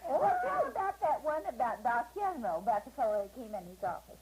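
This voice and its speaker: A woman's voice: a little high, big pitch swings, brisk. A woman interviewer at home, prompting stories and adding a spoken note for the tape. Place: living room of a home. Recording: hissy 1970s home tape.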